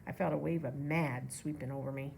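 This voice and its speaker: A woman reading a children's novel aloud in a relaxed way, with casual asides to listeners. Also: low voice, brisk, creaky, a little hiss or hum. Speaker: reader.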